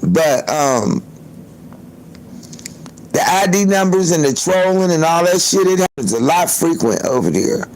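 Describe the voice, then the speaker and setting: Male livestream host, raised pitch, loose and profane, chats to viewers on a phone. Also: lively intonation, unhurried, pauses often, darkish tone, low-quality recording. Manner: loose, profane, chatty, laughs often. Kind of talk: casual livestream storytelling.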